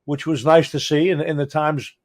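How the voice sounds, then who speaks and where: Rambling fire chief, slightly high voice. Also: male voice, level tone, normal speed, a little mellow. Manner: rambling storyteller who acts out quotes. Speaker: fire chief and podcast co-host. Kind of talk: casual chat.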